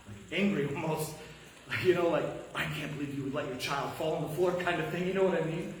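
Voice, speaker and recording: A man with a Midwestern American accent preaches a sermon from the pulpit, telling a personal story and voicing each person in it. His voice sits a little high for a man, and it gets soft and low when the story turns tense. The sound carries through a reverberant church and is picked up from some distance. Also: fairly quick, slight background noise. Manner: animated storytelling, acting out quotes, dropping to a hush. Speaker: pastor. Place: church sanctuary.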